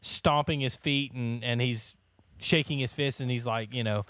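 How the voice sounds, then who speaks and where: A man's voice: mid-range voice, fairly even intonation, moderate pace, a bit bright, no room sound. Guy in his 30s running a bible study, jokey, lots of laughs and restarts. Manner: joking, laughs often, many restarts. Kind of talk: casual church Bible study chat.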